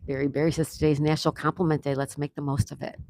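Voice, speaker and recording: Low-voiced woman reading live chat. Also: flat delivery, fast, no room sound. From USA. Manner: reads viewer comments aloud and chats warmly. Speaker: livestream host. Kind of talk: casual live-stream chat. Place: outdoors.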